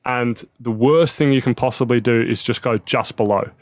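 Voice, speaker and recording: A young man telling stories as a podcast guest, animated, laughing often and swearing freely. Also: mid-range voice, moderate pace, no room sound. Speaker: guest, tennis player. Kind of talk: casual podcast storytelling.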